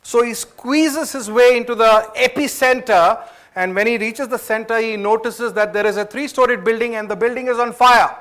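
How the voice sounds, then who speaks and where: Speaking at a management training event, this Indian man delivers a motivational talk in a high voice with an Indian English accent and a steady, fairly bright tone. His storytelling is chatty, dotted with filler pauses and brief questions to the audience.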